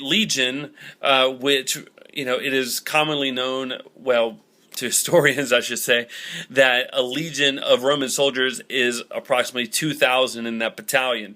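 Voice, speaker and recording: A young man from the is teaching a Bible lesson in a relaxed, conversational way. He tells the story with upbeat energy. His tone is bright and forward, and his pitch is in the middle range. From Southern United States.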